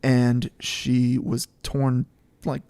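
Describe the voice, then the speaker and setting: A man's voice: medium pitch, completely flat delivery, drawn-out words, creaky, dark tone, smooth, dry recording. A young man in his twenties co-hosting a casual faith podcast, telling stories earnestly and often repeating words as he thinks. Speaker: podcast co-host.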